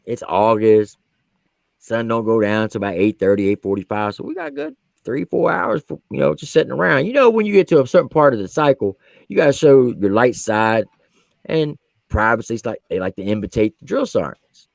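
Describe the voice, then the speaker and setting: A man's voice: mid-range voice, sing-song, a little fast, gravelly, no echo. A man, an army veteran who served as a drill sergeant, telling a story on a podcast in casual slang and acting out the quotes.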